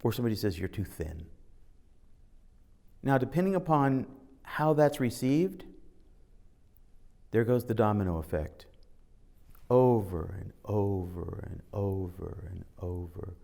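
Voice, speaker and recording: A man's voice: lowish voice, expressive, unhurried, vocal fry, pauses often, mellow. A man giving an informal spiritual talk, telling stories and acting out the dialogue, sometimes reading scripture aloud. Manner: conversational storytelling, acting out dialogue. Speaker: spiritual teacher.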